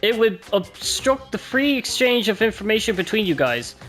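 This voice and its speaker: A woman's voice: mid-range voice, very animated, normal speed, fairly bright tone, pitched above the performer's own voice. Woman doing a gleeful mascot bear. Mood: teasing. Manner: gleeful, teasing explanation. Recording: game music behind.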